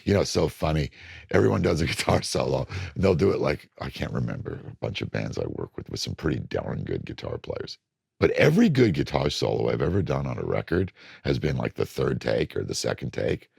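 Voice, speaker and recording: An older man, a record producer, talking casually in an interview and telling animated studio stories. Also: extremely low pitch, fairly quick, no room sound. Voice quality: gravelly. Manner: animated storytelling, acts out studio voices.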